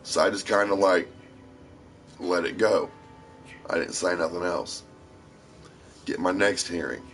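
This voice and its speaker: A man's voice: deep voice, unhurried, fairly bright tone, faint music behind. A man casually telling a long story, rambling and swearing freely with a tough edge. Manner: profane, rambling, tough-talking. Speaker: streamer.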